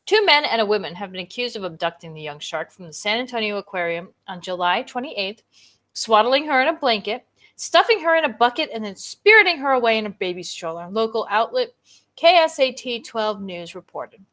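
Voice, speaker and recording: A woman co-host reading a news story aloud to a casual online show, animated, her pitch swinging up and down.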